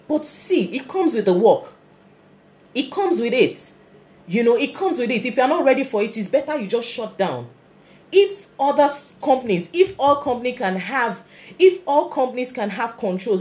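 A woman's voice: medium pitch, a little mellow. Earnest Nigerian woman giving business advice. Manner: earnest and motivational, repeats key phrases. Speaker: fashion business owner. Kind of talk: live-stream talk, answering viewer comments.

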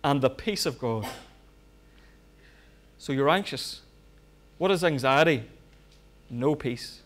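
A pastor preaching a sermon, swinging from loud fervent bursts to quiet asides. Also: male voice, mid-range voice, lively intonation, slow pace.

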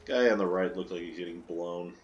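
A man's voice: deep voice, fairly quick, lo-fi sound, slight background noise. Sarcastic swearing gamer man. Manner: joking, sarcastic, swears a lot. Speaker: gameplay commentator. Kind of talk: casual let's-play commentary.

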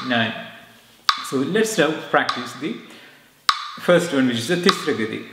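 A man teaching rhythm, explaining calmly and chanting rhythm syllables in time. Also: mid-range voice, normal speed, heavy background noise. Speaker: music teacher. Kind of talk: rhythm lesson with spoken syllables. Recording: echoey room with clicking metronome.

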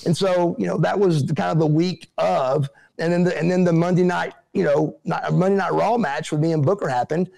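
A middle-aged man tells his stories as an interview guest, with a gravelly, slightly high voice. He is animated and acts out what others said in put-on voices. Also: fairly quick, hardly any pauses. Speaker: interview guest, former pro wrestler. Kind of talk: casual storytelling.

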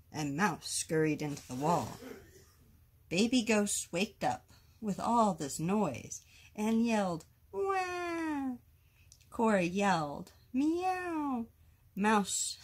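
Slow, lively storytime reader, a woman. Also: medium pitch, husky. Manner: slow, expressive read-aloud with character voices. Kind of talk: reading a picture book aloud.

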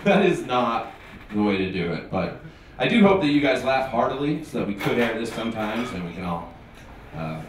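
A man hosting a stand-up comedy show on a bar stage, with animated, energetic patter. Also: mid-range voice, moderate pace, slight background noise. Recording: echoey bar from a distance.

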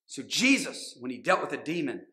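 Emphatic male pastor, bright echoey voice. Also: on the high side, sing-song, moderate pace. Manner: emphatic, repeats phrases, acts out quotes. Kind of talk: sermon. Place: church sanctuary. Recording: echoey church hall.

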